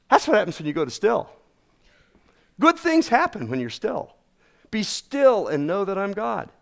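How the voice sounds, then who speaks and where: A middle-aged man preaching a sermon in an animated, folksy way, repeating phrases for emphasis. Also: high-pitched, moderate pace, creaky, pauses often. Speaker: pastor.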